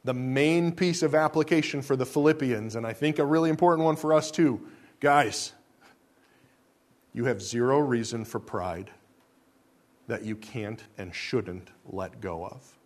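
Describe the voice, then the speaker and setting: A male pastor delivering a sermon in a voice of ordinary middle pitch. He speaks with emphasis and fires rhetorical questions at his listeners. He drops to slow, quiet lines and then rises to loud, lively ones. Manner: wide swings between soft and loud.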